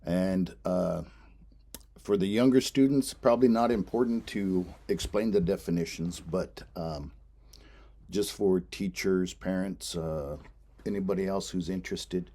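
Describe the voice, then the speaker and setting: A man's voice: low-pitched, measured pace, warm tone. A man teaching a language lesson, explaining patiently and repeating each word for pronunciation. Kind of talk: instructional lesson narration.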